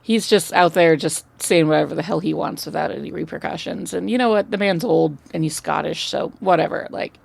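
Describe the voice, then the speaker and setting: A woman co-hosting a film podcast, chatting casually, swearing freely and throwing in animated asides. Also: low-pitched, fairly quick, creaky, few pauses, no room sound. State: just woke up. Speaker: podcast co-host. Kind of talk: casual chat.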